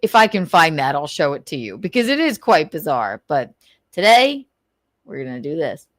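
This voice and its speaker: A woman's voice: low-pitched, very animated, normal speed, dry recording, clean studio sound. A woman hosting a casual livestream, rambling and gossiping, swearing freely as she vents. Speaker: livestream host.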